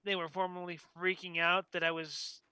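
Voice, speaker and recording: Bright high-voiced man playing a tabletop game. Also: level tone, normal speed, clean tone, no echo, low-quality recording. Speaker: player. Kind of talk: casual tabletop game play.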